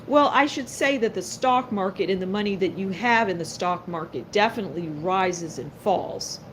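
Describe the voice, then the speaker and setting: A woman's voice: medium pitch, moderate pace, slight background noise. A woman doing a live-stream tarot reading. She is blunt and sassy and speaks straight to her viewers. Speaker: tarot card reader.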